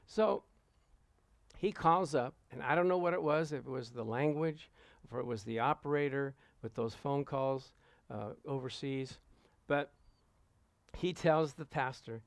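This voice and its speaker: A man preaching to a congregation, telling a lively anecdote and acting out the voices of the people in it. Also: medium pitch, normal speed, smooth, no room sound. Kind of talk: storytelling sermon to a congregation.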